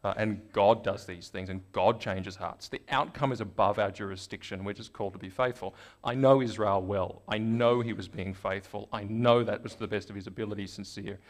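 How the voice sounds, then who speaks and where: An Australian man, a guest in an interview, telling stories in a lively conversational way and acting out the people he quotes. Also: on the low side, brisk, hardly any pauses. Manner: animated storyteller, acts out quoted voices.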